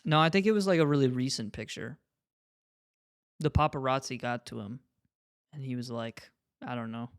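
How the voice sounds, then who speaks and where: A man's voice: medium pitch, normal speed, pauses often, no room sound, clean studio sound. A young man co-hosting a podcast, chatting loosely, joking and swearing often. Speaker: podcast co-host. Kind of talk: casual chat.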